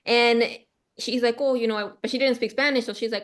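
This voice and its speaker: A woman's voice: mid-range voice, brisk. A woman of Mexican heritage in casual chat, telling stories with lots of "um" and "like" and slipping in Spanish words. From Mexican-American. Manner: storytelling with many fillers, bilingual asides.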